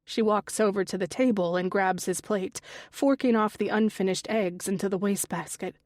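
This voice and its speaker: A woman narrating a first-person mystery audiobook in a measured, even voice. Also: mid-range voice, no echo, clean studio sound.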